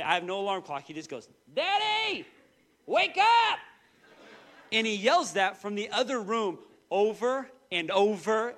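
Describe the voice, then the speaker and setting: A man in his thirties preaching a sermon, telling personal stories with lively, acted-out quotes. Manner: animated storytelling, quoting voices with big pitch jumps. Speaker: pastor.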